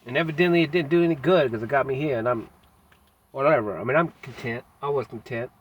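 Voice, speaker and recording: A man in a candid personal vlog monologue, talking in a halting, reflective way with frequent pauses and fillers, blunt and self-critical with casual slang. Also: mid-range voice, a little hiss or hum. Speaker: vlogger.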